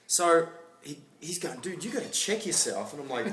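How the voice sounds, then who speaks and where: Animated Australian man telling a funny story. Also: a little high, moderate pace. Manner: animated, laughing, acts out both sides of the dialogue. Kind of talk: casual anecdote among friends. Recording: echoey room with background noise.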